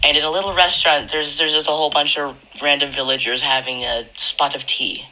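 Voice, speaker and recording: Speaking a little fast in a low, pushed and bright voice with little pitch movement, a woman runs a tabletop game as its game master; the audio quality is poor. Her narration wanders, full of self-corrections and frequent laughter.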